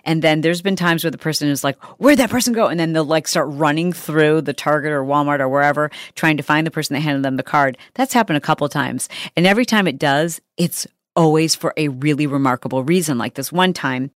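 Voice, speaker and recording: A middle-aged woman hosting a podcast, telling a story in a chatty, animated way with lots of fillers. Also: deep voice, brisk, few pauses, no room sound, studio quality. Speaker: podcast host. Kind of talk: casual podcast monologue.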